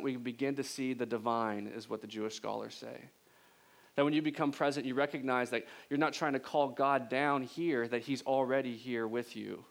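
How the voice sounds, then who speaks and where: A man preaching a sermon in a casual, animated storytelling way. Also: medium pitch, vocal fry.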